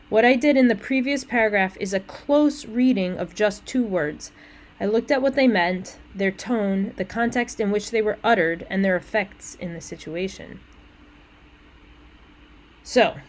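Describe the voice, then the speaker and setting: A woman college English instructor walks through essay instructions in a conversational way, with casual asides and quick self-corrections. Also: medium pitch, rough recording.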